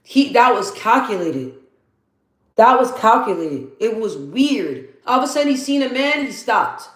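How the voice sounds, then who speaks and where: A woman's voice: fairly high pitch, big pitch swings, unhurried, a bit bright. A woman in her thirties hosting a casual live chat. She tells stories, repeats her points for emphasis, and reads out viewer comments. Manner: chatty storytelling, repeats phrases for emphasis. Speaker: livestream host. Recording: roomy echo.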